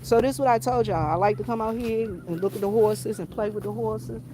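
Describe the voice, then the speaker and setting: A woman's voice: on the high side, fairly quick, warm tone, slight background noise. Chatty woman streaming outdoors. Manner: chatty, repetitive, keeps addressing viewers as y'all. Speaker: vlogger. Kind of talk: casual live-stream chat to viewers. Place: outdoors in the countryside near horses.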